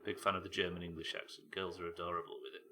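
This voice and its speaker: A man with a Welsh accent commentating his live gameplay, chatting with viewers, animated and swearing casually. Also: low voice, racing, noisy background. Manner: animated, swears casually, reacts loudly to the game. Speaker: streamer.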